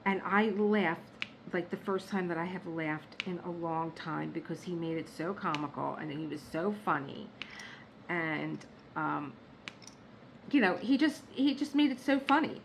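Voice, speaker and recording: A woman vlogging from her home workspace, telling stories in a chatty, animated way and laughing at her own jokes. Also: lowish voice, unhurried, creaky, a little hiss or hum, low-quality recording. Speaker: diamond painting vlogger. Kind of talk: casual storytelling chat.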